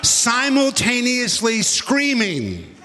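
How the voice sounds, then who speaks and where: A man's voice: huge pitch swings, takes it slowly, pushed and bright. Man, preacher, sermon, dramatic storytelling, voice echoing in a big hall. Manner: dramatic storytelling, acting out quotes with big swings in pitch and pace.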